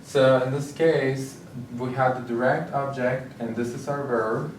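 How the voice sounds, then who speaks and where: A man's voice: medium pitch, steady tone, unhurried. Man tutoring in an echoey room. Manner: step-by-step explaining, checks in with "okay?". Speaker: Spanish tutor. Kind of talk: recorded grammar lesson. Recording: echoey room, mic at a distance, faint hiss.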